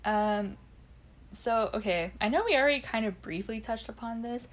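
A woman's voice: fairly high pitch, normal speed. A young woman co-hosting a podcast in casual chat. She talks about a show, laughs often and acts out the characters' lines. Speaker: podcast co-host.

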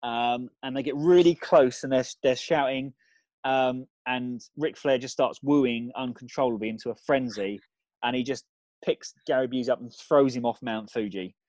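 A man co-hosting a comedy chat, rambling through an absurd film pitch with lots of ums. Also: moderate pace, a little mellow, dry recording. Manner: rambling, builds absurd scenarios with fillers.

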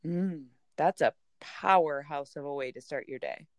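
A woman's voice: sits low, normal speed, no room sound. A woman with a Minnesotan accent hosting a podcast, upbeat and affirming, with a self-deprecating streak. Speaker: podcast host. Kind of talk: podcast interview.

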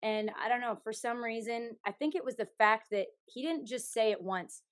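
A young woman, a singer from Canada, telling a story candidly as a podcast guest, with a frank, animated manner, swearing freely and laughing often. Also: on the high side, moderate pace, no echo.

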